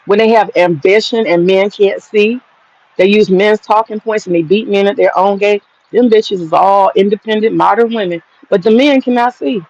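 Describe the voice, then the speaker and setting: A man's voice: high-pitched, moderate pace, darkish tone, lo-fi sound. A man hosting an online commentary monologue, talking in a blunt, profane and mocking way.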